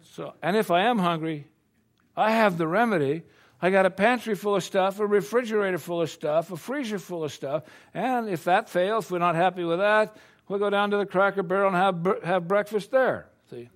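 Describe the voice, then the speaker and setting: A man's voice: sits high, normal speed. An older American man preaching a sermon in a folksy, conversational way, full of rhetorical questions. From United States.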